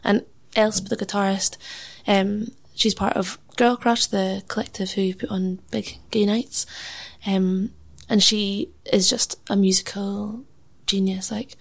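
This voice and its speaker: Chatty creaky-voiced woman musician. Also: medium pitch, level tone, a little slow, few pauses. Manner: chatty, laughs often, says "like" a lot; acts out other people's lines in quoted voices. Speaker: musician and MC, podcast guest. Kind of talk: casual interview chat.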